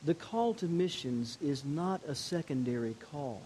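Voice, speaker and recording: An older male pastor delivers a sermon in a slightly high voice, moving from hushed, personal storytelling to slow, emphatic declarations. A faint hiss sits under the recording. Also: animated, low-quality recording. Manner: storytelling preacher, shifting between quiet intimacy and emphatic declarations.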